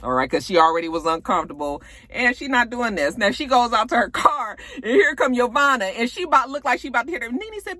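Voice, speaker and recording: A woman's voice: a little high, lively intonation, fast talker, few pauses, bright, forceful tone, dry recording. A woman recapping a reality show in casual chat, sassy and profane, acting out quotes. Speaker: TV recap vlogger.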